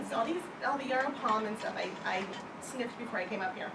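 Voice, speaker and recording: A woman's voice: on the high side, fast, vocal fry. A woman giving a live seminar talk to an audience, chatty and conversational with self-deprecating asides. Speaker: presenter at a wellness event. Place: event room before an audience. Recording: echoey room, distant mic, background noise.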